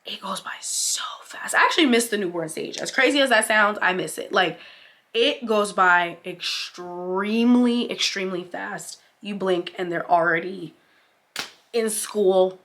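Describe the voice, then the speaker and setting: Her voice is medium-pitched, a little slow, and fairly bright. The young woman vlogs in a casual seated chat, chatty and sincere, peppering her words with "like," on the verge of tears as she encourages other "mama"s.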